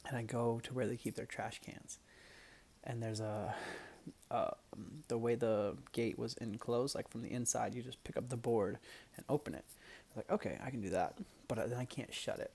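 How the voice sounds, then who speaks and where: A young man casually telling a personal story to the camera, animated and laughing, dropping now and then to hushed asides. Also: mid-range voice, moderate pace, creaky, a little hiss or hum.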